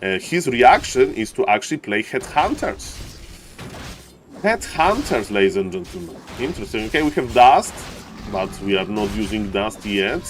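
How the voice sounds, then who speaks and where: A man who is not an English speaker, commentating a strategy game match live on stream, greeting viewers and getting loud at big plays. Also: fairly low pitch, moderate pace, faint music behind. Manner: excitable, shouts at big plays, non-native English phrasing. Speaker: esports caster and streamer.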